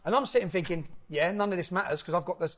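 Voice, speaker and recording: A man telling an animated anecdote in casual chat, swearing freely and laughing between lines. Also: sits high, quick pace. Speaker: podcast guest. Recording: dull lo-fi recording.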